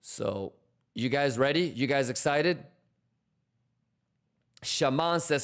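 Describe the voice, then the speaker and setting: Male streamer, mid pitch, hyped and profane, casual talk to chat on a desk mic. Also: animated, slow, long pauses. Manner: hyped, profane, teasing, repeats questions to chat. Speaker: crypto trading streamer.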